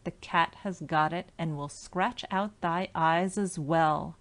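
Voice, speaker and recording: A woman reading a fairy-tale audiobook and voicing a wicked old enchantress in loud, scornful outbursts. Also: fairly low pitch, slow pace. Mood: mocking.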